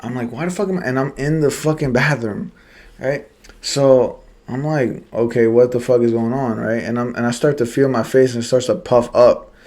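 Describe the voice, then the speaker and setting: A young man co-hosting a podcast, telling a story in casual chat, animated and swearing, laughing often. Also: medium pitch, normal speed. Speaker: podcast co-host.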